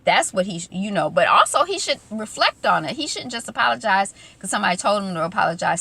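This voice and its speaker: A woman's voice: medium pitch, lively intonation, fast, creaky, sharp tone. A young adult woman casually retelling a reality show episode, acting out quotes with lots of ums and asides. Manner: chatty, acts out quotes, many ums. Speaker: recap vlogger. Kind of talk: casual TV recap chat.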